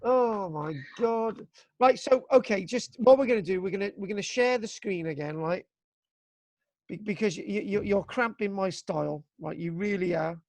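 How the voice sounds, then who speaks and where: A man from Britain teaching archaeology to young students over a video call, excitable and jokey, mock-exasperated, tagging "right?" onto his sentences. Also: high voice, moderate pace, dry recording. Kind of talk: live online class.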